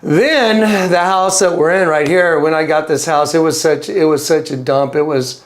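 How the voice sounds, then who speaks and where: A man being interviewed, telling a story in an animated way, acting out the voices and laughing as he goes. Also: moderate pace. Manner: acts out quotes with big pitch jumps and laughter. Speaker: interview guest.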